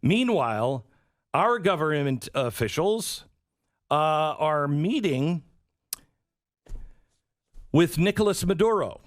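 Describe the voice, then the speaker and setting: Animated sarcastic male commentary host. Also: fairly high pitch, takes it slowly, pauses often, no echo, studio quality. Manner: sarcastic, animated, mimics others in quotes. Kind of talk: political commentary monologue.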